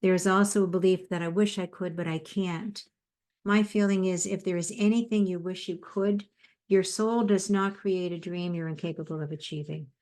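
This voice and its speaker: A woman in her fifties or older, working as a psychotherapist and speaker, talks motivationally in a conversational style, drawing on personal stories. She speaks at normal speed in a lowish, steady voice with a darkish tone.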